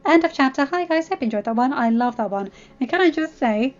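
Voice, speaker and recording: A woman's voice: sits high, lively intonation, fast, hardly any pauses. A woman host reading fan fiction aloud in a storybook narration, bubbly and chatty, on a dull lo-fi recording. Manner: bubbly and enthusiastic in asides.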